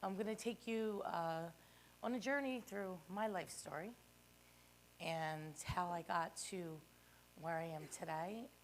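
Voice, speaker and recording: A woman's voice: lowish voice, slow, a little hiss or hum. A woman from Philadelphia giving her first talk to colleagues, telling her life story modestly and a bit nervously. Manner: modest and a little nervous, with fillers. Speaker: guest speaker, real estate agent. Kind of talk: personal life story speech.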